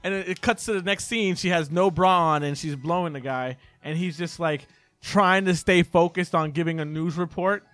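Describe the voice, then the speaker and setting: A man's voice: fairly high pitch, normal speed, a bit bright, no echo. A young man telling a story in a casual podcast chat, rambling and laughing, with many restarts. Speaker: podcast co-host.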